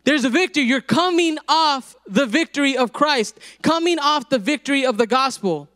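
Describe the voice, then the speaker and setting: A man's voice: very high voice, animated, moderate pace, bright, forceful tone. A man preaching a sermon to a congregation, building to emphatic peaks and joking with the crowd.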